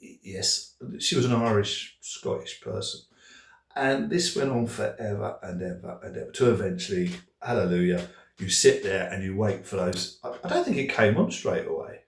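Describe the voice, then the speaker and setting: A man's voice: lowish voice, expressive, moderate pace. Middle-aged man, self-deprecating comic storyteller, hesitant and rambling, mic set far back. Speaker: speaker. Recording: distant, echoey room.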